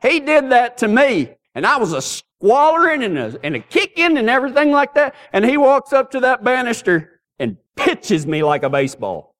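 A middle-aged pastor with a very high voice preaches at a moderate pace with hardly any pauses, spinning humorous, folksy stories with animation.

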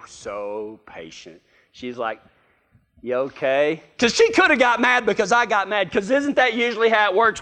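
Preacher guy, middle-aged, high voice, folksy and poking fun at himself. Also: sharp tone. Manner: folksy, self-mocking, talks to the listeners. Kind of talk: storytelling sermon.

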